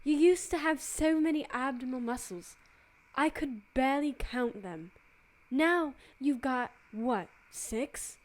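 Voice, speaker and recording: A woman's voice: sits high, a little slow. A woman voicing a tough, adventurous ex-partner who speaks bitterly and cuttingly, in an amateur fan dub.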